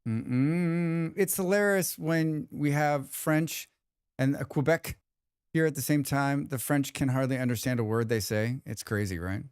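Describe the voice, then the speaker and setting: A man's voice: medium pitch, unhurried, a little mellow, smooth, dry recording, clean studio sound. A man hosting a livestream, chatting casually with viewers in a rambling, joking way with lots of restarts. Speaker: livestream host. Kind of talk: casual chat reading viewer comments.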